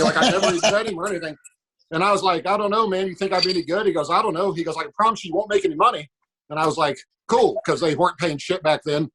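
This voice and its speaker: Husky fast-talking man telling stories. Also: a little high, fairly bright tone, rough recording. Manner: fast storyteller, acts out quotes. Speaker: podcast guest. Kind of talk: anecdotal storytelling.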